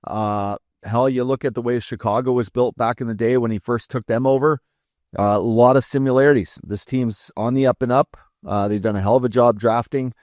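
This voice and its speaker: A man's voice: mid-range voice, a little mellow, no room sound, clean studio sound. A man co-hosting a casual hockey podcast, talking in a laid-back drawl with plenty of fillers.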